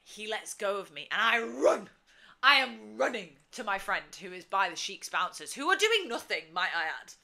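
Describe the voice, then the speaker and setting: Speaking in a gravelly, medium-pitched voice at a moderate pace, a casual podcast's co-host, a woman in her twenties, tells a story. She's animated, laughs a lot, and loudly acts out the quotes.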